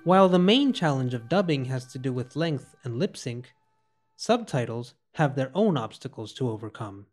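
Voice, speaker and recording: A man hosting a podcast, narrating from a script in a clear, explanatory way. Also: mid-range voice, lively intonation, moderate pace, darkish tone, soft background music. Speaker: podcast host.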